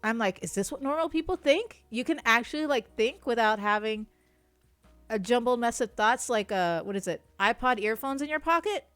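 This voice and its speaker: Her voice runs on the high side, animated and bright, at a normal speed with a clean, echo-free sound. She co-hosts a livestreamed podcast through a streaming mic, chatting loosely, laughing a lot, cursing, and trailing off mid-sentence over soft background music.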